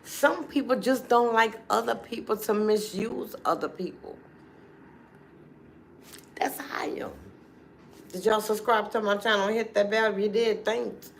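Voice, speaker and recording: A woman, hosting a casual livestream and talking straight to her viewers in a chatty, animated way. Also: medium pitch, normal speed, vocal fry, hardly any pauses, slight background noise. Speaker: livestream host.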